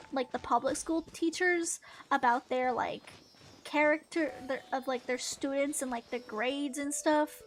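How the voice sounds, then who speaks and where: A young adult woman streaming a game, chatting casually in a rambling, giggly way with offhand swearing. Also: high voice. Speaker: gaming streamer. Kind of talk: casual chat while gaming. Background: faint game music.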